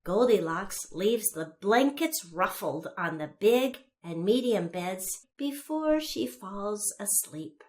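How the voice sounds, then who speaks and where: A woman describing the pictures in a children's story in a plain, measured way. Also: mid-range voice, animated, darkish tone.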